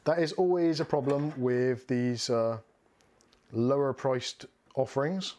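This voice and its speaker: A man's voice: mid-range voice, slow pace, a little mellow. A man, hosting a casual livestream while building a computer. He talks frankly, in a chatty way, and laughs often. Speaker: streamer building a PC.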